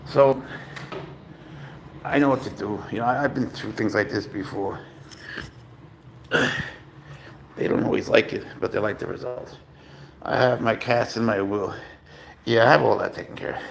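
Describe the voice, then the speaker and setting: A man chatting casually to viewers at home as a cat-owning vlogger, rambling and profane with sudden loud exclamations. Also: on the low side, normal speed, creaky, long pauses, slight background noise.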